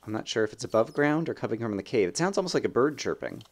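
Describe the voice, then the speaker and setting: A young man hosting a let's play, chatting and thinking aloud as he plays, with sudden bursts of excitement. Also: medium pitch, quick pace. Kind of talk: gameplay commentary.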